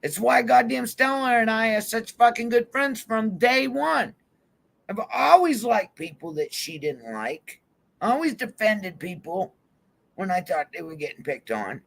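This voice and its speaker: Inside a van, a YouTube vlogger launches into an angry, profanity-laced rant to the camera, calling people out directly. His voice is high and sing-song, unhurried and creaky, with a fairly bright tone.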